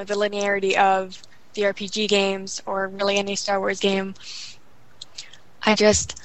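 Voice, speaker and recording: Young adult woman, casual guest, fast rambling delivery full of fillers. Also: medium pitch, a bit bright, low-quality recording. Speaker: guest gamer. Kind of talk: casual chat.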